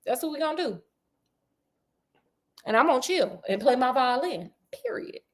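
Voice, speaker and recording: A woman's voice: animated, moderate pace. A woman voicing a cocky, bossy male detective in slangy street talk during a comedic story retelling. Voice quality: low, drawling slang swagger.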